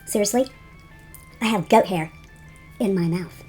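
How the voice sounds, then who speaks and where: A woman's voice: medium pitch, a little slow, warm tone, slightly rough, soft background music. A woman doing a casual makeup vlog, joking and laughing at herself as she goes. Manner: giggly, joking, self-teasing. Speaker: beauty vlogger.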